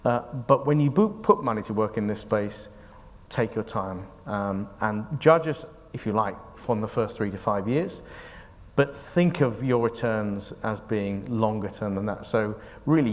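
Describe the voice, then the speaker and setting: A man's voice: on the low side, normal speed. A man, an investment fund manager, giving earnest, explanatory answers in an onstage interview and thinking aloud as he speaks. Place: large conference hall. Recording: echoey hall reverb.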